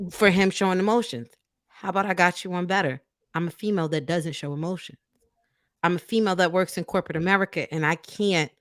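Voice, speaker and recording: Firm low-voiced woman on a panel. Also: fairly bright tone, dry recording, clean studio sound. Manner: firm, matter-of-fact. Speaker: panel guest. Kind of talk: casual group discussion.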